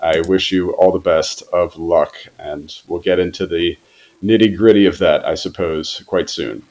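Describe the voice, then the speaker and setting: A man from Germany, speaking as a football reporter guest on a podcast in a formal, measured way with frequent hesitations. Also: deep voice, a little mellow, rough recording. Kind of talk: podcast interview.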